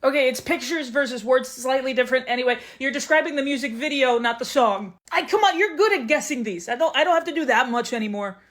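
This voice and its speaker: A woman comedian performing sketches and stand-up with dry, deadpan comebacks. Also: high-pitched, fast, few pauses.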